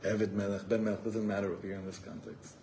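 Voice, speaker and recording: A man's voice: on the low side, level tone, fast talker, mellow, slight background noise. A man telling a story in a sermon as a rabbi at an evening gathering, acting out the voices of the people in it.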